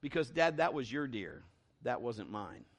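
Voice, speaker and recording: A man's voice: mid-range voice, very animated, measured pace, voice pushed down. A man quoting his earnest, faith-filled young son in his own voice during a sermon.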